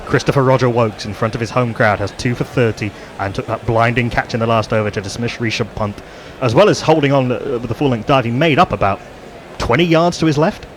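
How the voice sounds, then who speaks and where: A man gives live ball-by-ball cricket commentary for radio, laying out the field placings and each ball in steady detail. His voice sits at a middling pitch. A faint hum of noise runs behind him. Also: a little fast. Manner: steady descriptive play-by-play, rising on big moments.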